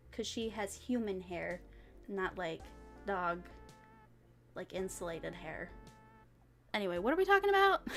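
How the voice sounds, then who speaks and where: A young woman chatting casually on a live stream, bubbly and rambling, reading chat and giggling between thoughts. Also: medium pitch. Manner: bubbly, rambling, giggly, swings loud and soft. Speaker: VTuber streamer.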